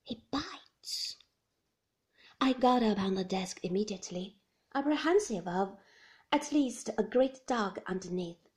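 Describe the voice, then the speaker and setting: A woman narrating a classic novel slowly and deliberately, often dropping to a soft whisper. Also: mid-range voice, lively intonation, husky, poor audio. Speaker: audiobook narrator.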